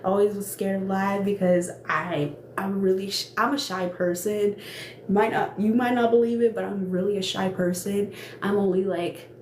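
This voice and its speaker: A young woman who owns a small cosmetics business hosts a phone live stream from her indoor makeup workspace, chatting casually and earnestly. She laughs often, repeats herself, and sounds emotional, close to tears. Her steady, mid-range, darkish voice moves at a moderate pace and echoes in the room over a faint background hiss.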